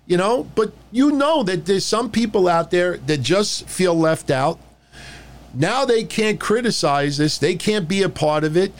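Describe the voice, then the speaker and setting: A man's voice: high voice, animated, measured pace. A man hosting a casual podcast, ranting in a blunt, profane and mocking way. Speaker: podcast host. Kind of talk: casual wrestling podcast rant.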